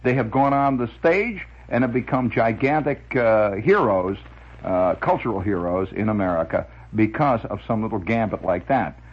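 Husky man telling rambling radio stories. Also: on the low side, normal speed, dull audio. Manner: lively, chuckling, full of filler "uh"s. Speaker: radio monologist. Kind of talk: rambling storytelling monologue.

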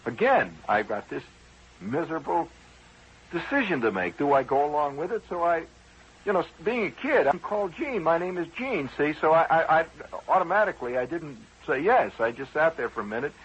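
A man's voice: on the high side, very animated, brisk, slightly rough, dull audio. A man hosting a radio show, telling a rambling personal story in a conversational, wry way with frequent asides to his listeners.

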